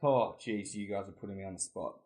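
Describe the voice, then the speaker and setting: An Australian-accented man appears as a podcast guest for a casual chat, easygoing and rambling, laughing often. His voice is on the low side, brisk and mellow.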